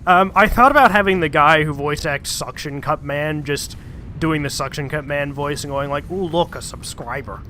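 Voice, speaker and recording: Young guy gaming with a friend, bright sharp voice, dry and laid-back, bit of faint hiss. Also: a little high, normal speed. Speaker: co-player. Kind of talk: casual gaming chat.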